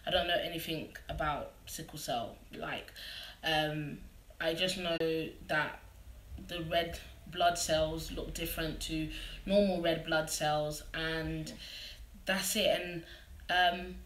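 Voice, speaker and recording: A woman's voice: low voice, fairly even intonation, takes it slowly, a bit bright, roomy sound, slight background noise. A woman with a London accent hosting a casual live interview, chatty and bubbly. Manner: chatty and bubbly, laughs often. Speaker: host. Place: living room.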